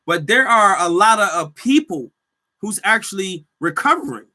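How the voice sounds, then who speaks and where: A man hosting a casual solo podcast, telling stories in animated slang and laughing often. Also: sits high, normal speed. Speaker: podcast host; healthcare worker.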